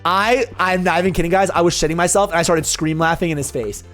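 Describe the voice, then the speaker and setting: A man's voice: a little high, steady tone, fast talker, a bit bright, faint music behind. A young adult man streaming a game and telling a story in a casual, profane, rambling way. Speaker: gaming streamer. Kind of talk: casual storytelling while gaming.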